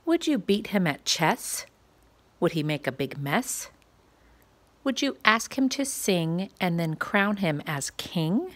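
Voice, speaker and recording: Gentle, sing-song woman reading a picture book. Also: fairly low pitch, sing-song, slight background noise. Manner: gentle, slow, sing-song questioning delivery. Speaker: children's story reader. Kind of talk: picture book read-aloud for preschoolers.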